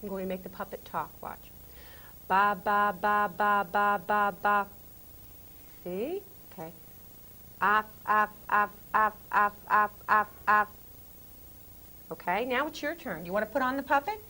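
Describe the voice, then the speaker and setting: A woman's voice: medium pitch, unhurried, pauses often, bright, forceful tone, soft background music. A woman teacher in a listening lesson with a child, repeating syllables in a sing-song, encouraging way. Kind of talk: speech therapy lesson with a child.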